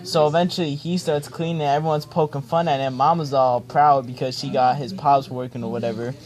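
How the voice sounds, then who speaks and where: A man's voice: medium pitch, fairly even intonation, fairly quick, a little mellow. Laid-back slangy young man joking through a storybook. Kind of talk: comedic ad-libbed storybook reading. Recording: friends chatting and laughing nearby.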